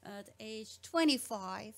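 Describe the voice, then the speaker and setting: A woman's voice: on the high side, animated, gravelly, fairly bright tone. Russian-accented woman chatting on radio. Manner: halting, searching for English words, laughs often. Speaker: guest. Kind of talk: casual radio chat.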